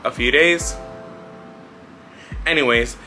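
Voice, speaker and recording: About twenty, a young vlogger gives a casual life update, telling a personal story that rambles and stays blunt, packed with swearing and filler words. His mid-range voice is slow, pushed and bright, with soft music playing underneath.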